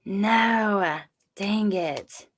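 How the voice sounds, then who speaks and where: A woman's voice: medium pitch, extremely slow. A woman hosting a casual livestream, recapping trial notes and answering viewers' chat in a chatty way. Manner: chatty, reacts to viewer comments, swears when angry. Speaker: true crime livestream host.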